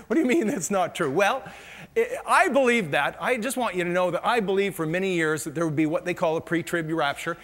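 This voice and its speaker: A man's voice: high-pitched, fairly bright tone. A middle-aged man preaching a sermon, telling humorous stories and laughing at his own jokes. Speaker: pastor. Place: large church hall. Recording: reverberant church hall.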